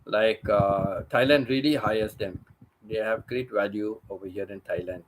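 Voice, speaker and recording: A man's voice: on the low side, fairly even intonation, unhurried, noisy background. A man chatting casually as a channel host, repeating phrases and restarting his sentences. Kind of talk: casual rambling chat. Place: living in Thailand.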